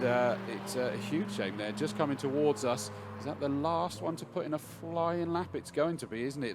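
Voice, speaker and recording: A man's voice: mid-range voice, background noise. A man with a Bristolian accent co-commentating on club racing, chatting easily and recalling drivers' past cars. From southwest England. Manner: chatty, recalls drivers' history, asks his partner questions. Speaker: motorsport co-commentator. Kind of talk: live race commentary.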